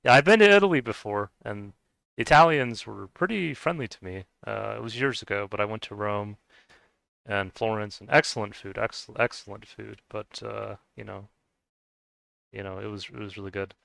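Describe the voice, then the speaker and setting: A man's voice: fairly low pitch, moderate pace, creaky, a bit bright, dry recording, poor audio. A man streaming a game, chatting casually to viewers and rambling with many restarts. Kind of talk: casual chat while gaming.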